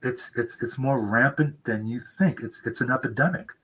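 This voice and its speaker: This seventy-something author, a guest in a conversational interview, earnestly tells stories and voices the people he quotes in a raised, high pitch. He speaks at a moderate pace. Crowd noise is audible and the remote interview mic gives a rough recording.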